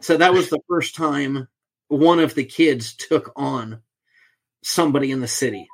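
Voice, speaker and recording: A middle-aged man, a podcast guest, telling a story in a lively way and acting out the back-and-forth of a conversation. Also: mid-range voice, unhurried. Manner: animated storyteller, acts out quoted exchanges.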